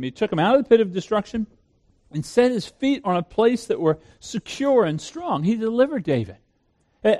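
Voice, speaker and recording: Pastor, man, high-pitched voice, earnest sermon delivery with frequent restarts. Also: mellow. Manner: earnest, repeats words when starting sentences.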